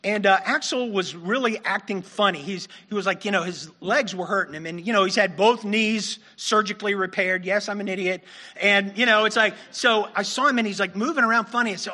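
A man delivers a sermon in a high, conversational voice, often poking fun at himself. His tone is bright and forceful, though his voice sounds a little strained, as if he is starting to lose it. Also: a little fast. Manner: conversational, self-deprecating, laughs while preaching. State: losing his voice. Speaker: pastor.

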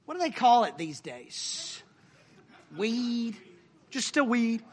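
A middle-aged man giving an informal, animated sermon about a mission trip, laughing often and using casual slang. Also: very high voice, slow pace, long pauses, slightly rough. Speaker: speaker sharing a mission trip story.

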